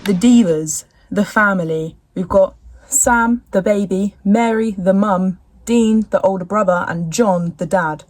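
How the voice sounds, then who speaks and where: A woman's voice: mid-range voice, measured pace, a little mellow, dry recording. A young woman in casual chat recapping a TV episode at home, rambling with slangy, jokey asides. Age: young adult.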